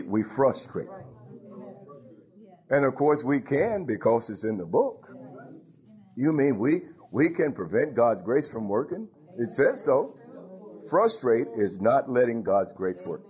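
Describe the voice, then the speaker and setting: A man's voice: mid-range voice, a little mellow. A man preaching a sermon in a conversational, teasing way, laughing and making asides to the congregation. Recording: dull lo-fi recording.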